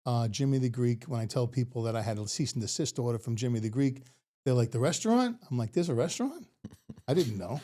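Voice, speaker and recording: A middle-aged man, a retired police officer, telling stories in a casual, animated way and laughing often. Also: medium pitch, quick pace. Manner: animated, laughing often, acts out quoted voices. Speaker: podcast guest. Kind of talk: casual storytelling.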